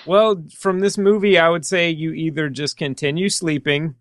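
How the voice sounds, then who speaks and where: A man hosting a casual movie podcast, joking and acting out scenes in quick quoted voices. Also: fairly high pitch, steady tone, a bit bright, no room sound, clean studio sound. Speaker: podcast host.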